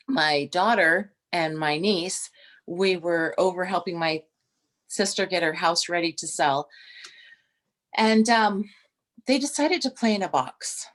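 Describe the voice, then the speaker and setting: Chatty middle-aged woman telling stories. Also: fairly low pitch. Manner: storytelling with frequent restarts and animated quoted voices. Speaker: podcast co-host. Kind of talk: casual chat.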